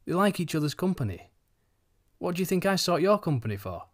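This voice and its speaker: A man voicing an easygoing, drowsy old farmer with a Yorkshire accent and gruff dialect speech. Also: sits high, big pitch swings, fairly quick, voice pushed up, full character voice.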